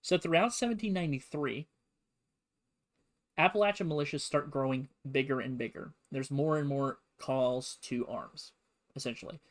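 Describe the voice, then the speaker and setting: A man's voice: mid-range voice, normal speed. A man giving a casual streamed history lesson, talking in a conversational, digressive way.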